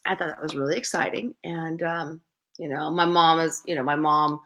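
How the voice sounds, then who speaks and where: A middle-aged woman, a guest in an interview, chats through anecdotes and acts out the voices of people in them. Her low-pitched voice has fairly even intonation, normal speed and a fairly bright tone, with slight background noise.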